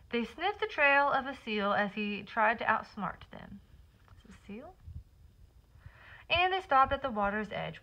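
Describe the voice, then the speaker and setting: A woman reading a picture book aloud to children, pausing to explain words and count along with them. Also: on the high side, sharp tone, dull audio. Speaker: teacher.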